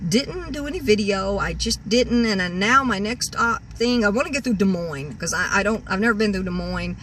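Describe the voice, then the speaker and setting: A woman in her sixties talks through a rambling rant from her parked vehicle, circling back over her words and restarting sentences. Her voice is bright and sits a little away from the mic. Faint traffic noise runs behind her. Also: medium pitch, animated, moderate pace, far from the mic. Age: 60s. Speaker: car-camping vlogger. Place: parked vehicle in a store parking lot.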